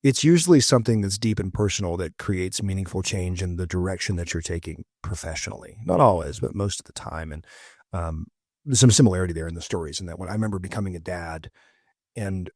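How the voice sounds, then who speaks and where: A man's voice: sits low, a little mellow, dry recording, studio quality. A man hosting a podcast interview, talking in a reflective, personal way. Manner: reflective, personal, pauses to think. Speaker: podcast host. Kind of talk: casual interview chat.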